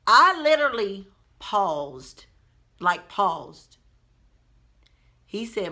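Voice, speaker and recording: A woman telling a story to her viewers in a casual vlog, chatty and expressive, talking straight to her audience. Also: on the high side, slow, pauses often. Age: adult mother. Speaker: vlogger.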